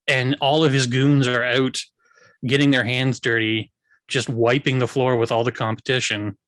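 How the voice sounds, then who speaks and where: Measured man analysing a film, dry sound. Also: medium pitch, fairly bright tone, no echo. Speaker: film review show host. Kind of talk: casual film review chat.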